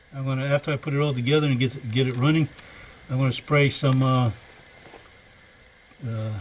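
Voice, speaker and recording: A man's voice: medium pitch, a little hiss or hum. An older man chatting folksily to viewers as he works on an engine in his home workshop, rambling from one thought to the next. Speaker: home mechanic vlogger. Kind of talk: casual workshop vlog.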